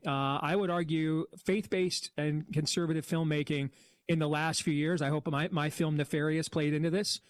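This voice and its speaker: Man, filmmaker guest, fairly high voice, dry close sound, blunt, critical, lots of fillers. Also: dry recording. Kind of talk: opinionated film commentary.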